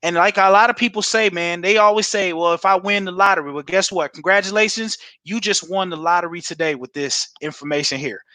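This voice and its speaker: This is a man with a high, sharp, ringing voice, talking close and dry on a video call. He delivers a sales pitch with fired-up, preacher-like urgency, pushing listeners to act. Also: brisk, hardly any pauses, no room sound. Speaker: guest presenter. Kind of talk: energetic sales pitch on a livestream.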